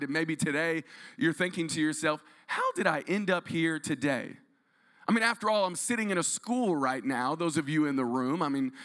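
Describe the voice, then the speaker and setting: A man from Texas preaching as a guest pastor, telling stories energetically and calling for responses from the congregation. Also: a little high. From Dallas-Fort Worth, Texas. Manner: energetic, storytelling, audience call-and-response. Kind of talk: sermon. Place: large room used as church.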